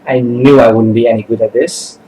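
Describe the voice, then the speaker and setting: A man's voice: mid-range voice, steady tone, fairly quick, mellow, slight background noise, natural voice, low-quality recording. A man voicing a meek, timid young woman nanny in a game, reading her lines with an apologetic manner. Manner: meek and apologetic, then mock-scolding. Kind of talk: reading game dialogue aloud.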